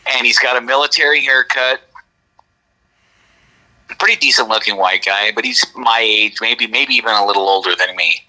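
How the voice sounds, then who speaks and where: A man's voice: mid-range voice, normal speed, pauses often, bright, forceful tone, low-quality recording. A middle-aged man telling his own encounter story in casual talk, rambling, correcting himself and often asking "right?". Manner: rambling, self-correcting, frequent "right?" asides. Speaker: interview guest recounting an encounter.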